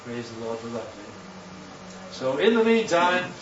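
A man preaching a sermon, animated and full of rhetorical questions, his voice leaping up for emphasis. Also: mid-range voice, slow, a little hiss or hum. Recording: roomy, distant, dull sound with faint ambience.

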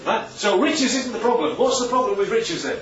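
A man's voice: extremely high pitch, lively intonation, brisk, a crowd in the background. A man teaching the Bible to a small church group, asking them questions and joking as he goes. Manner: asks the audience questions constantly; jokey asides. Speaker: preacher. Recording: roomy, distant, dull lo-fi room recording.

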